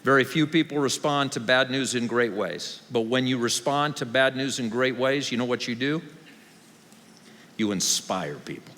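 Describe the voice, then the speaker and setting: A man's voice: mid-range voice, moderate pace, a bit bright, slight background noise. A male pastor giving a sermon, conversational and wry, building to raised, emphatic passages. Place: large church hall. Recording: long hall reverb.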